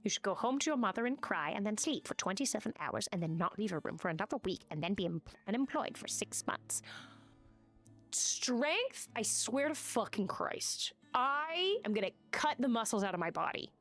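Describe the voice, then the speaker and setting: A woman's voice: mid-range voice, very animated, a little fast, few pauses, fairly bright tone, soft background music. A woman streaming a game live, chatting casually, swearing and reading the game's text aloud.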